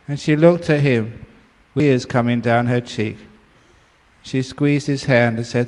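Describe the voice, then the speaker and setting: A man's voice: mid-range voice, measured pace, long pauses, darkish tone. An older man from England giving a dharma talk, storytelling playfully and laughing often. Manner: playful, laughs often, acts out voices in stories. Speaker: meditation teacher. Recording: long reverb of a hall.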